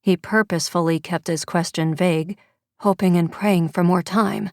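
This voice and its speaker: A woman narrating an audiobook in a measured storytelling way. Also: on the low side, steady tone, no echo, clean studio sound. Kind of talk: scripted narration.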